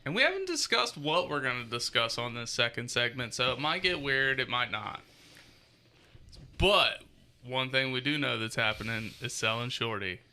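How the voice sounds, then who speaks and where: A man's voice: mid-range voice, sing-song, normal speed, sharp tone. A man hosting a casual comedy podcast, joking loosely and laughing often as he reads out entries. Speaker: podcast host.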